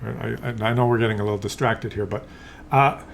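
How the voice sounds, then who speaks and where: A man's voice: lowish voice, steady tone, brisk, gravelly, slight background noise. Rambling male YouTube commentator. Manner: rambling and conversational, with hesitant fillers and restarts; drops into brief acted voices for examples. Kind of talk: casual video commentary.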